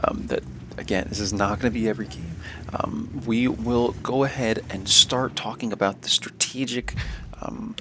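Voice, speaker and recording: A man's voice: lowish voice, steady tone, normal speed, background noise. A man giving casual gameplay commentary as a video creator, with an American accent, repeating words and using many fillers.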